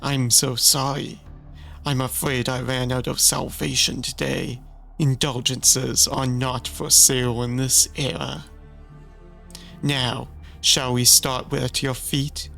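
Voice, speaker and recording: A cold, vengeful holy woman , read out by a man in a low, near-ordinary voice, mocking her enemies in slow, drawn-out sneers. The delivery stays unhurried, with faint music behind. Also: little pitch movement, creaky, sharp tone, exaggerated voice. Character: vengeful dark female saint, cruel and mocking.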